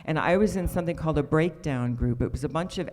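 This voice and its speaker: A man, an actor guest on a convention panel, recalls his start in a halting, casual way with many restarts. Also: fairly high pitch. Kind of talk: casual recollection. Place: convention hall.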